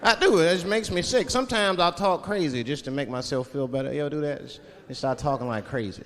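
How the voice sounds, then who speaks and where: A man's voice: on the high side, fast, fairly bright tone. A man performing a stand-up comedy routine on stage, telling stories and slipping into put-on voices for the people in them. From Washington, D.C. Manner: switches into put-on voices for characters. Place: comedy stage before a live audience. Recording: live stage recording in a large hall with crowd laughter. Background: audience laughter.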